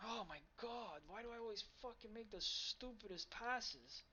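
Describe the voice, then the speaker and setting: A livestream host chatting with viewers while playing a game, reacting loudly and cursing at their own play. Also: medium pitch, moderate pace, muffled recording, a little hiss or hum. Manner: profane, excitable reactions to own gameplay. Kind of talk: casual live gaming stream chat.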